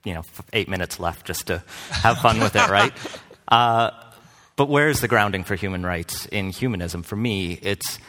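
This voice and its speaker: A man on a debate panel, answering questions in a relaxed, wry way. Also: fairly low pitch, moderate pace. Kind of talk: public debate talk. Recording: long hall reverb.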